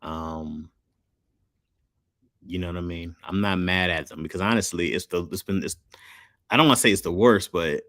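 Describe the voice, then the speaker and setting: Low-voiced laid-back male streamer. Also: moderate pace, pauses often, fairly bright tone, no room sound, clean studio sound. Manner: loose slangy talk, reads chat aloud. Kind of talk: casual livestream chat.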